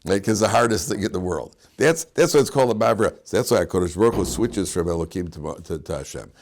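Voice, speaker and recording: A man's voice: low voice, quick pace. A man, a rabbi, giving a lecture on the weekly Torah portion, telling homely stories with chuckles and Hebrew terms. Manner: animated, chuckling storyteller, mixes Hebrew terms into English. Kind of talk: lecture with humorous storytelling.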